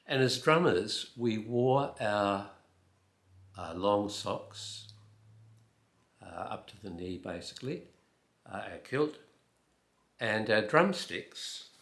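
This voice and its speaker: In a roomy-sounding recording, an octogenarian man from New Zealand with an Australian accent leisurely recounts a personal story. His lowish voice has a sharp edge, and he peppers the tale with fillers and dry asides.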